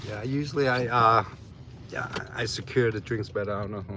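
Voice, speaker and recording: A man's voice: fairly low pitch, normal speed, background noise. A man chatting casually on a live stream, laid-back and drowsy, laughing often and swearing casually. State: drowsy after a nap. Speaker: livestreamer.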